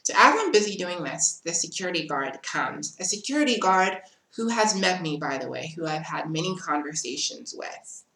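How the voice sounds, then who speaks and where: A woman vlogger telling a personal story in an animated way and acting out what other people said. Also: lowish voice, normal speed, few pauses. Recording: roomy, echoey room.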